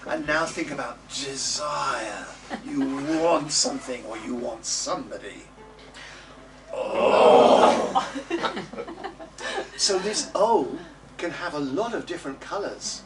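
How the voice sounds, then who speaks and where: A man's voice: mid-range voice, animated, measured pace, over loud music. A man teaching a singing class, coaxing students and demonstrating phrases by singing them. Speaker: music teacher. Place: classroom or studio. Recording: distant mic with background noise.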